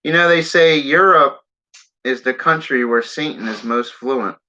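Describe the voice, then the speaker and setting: A man's voice: mid-range voice, a little slow, bright, forceful tone. A man from the Philadelphia area hosting a casual livestream, rambling and saying "man" a lot while he smokes. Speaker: livestream host. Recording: dull lo-fi stream audio.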